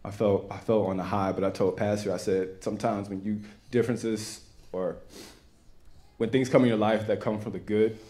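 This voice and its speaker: A young man with a Texan accent giving an earnest, halting personal testimony to a church congregation. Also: lowish voice, steady tone, dark tone. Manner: earnest, halting, with many restarts. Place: church sanctuary.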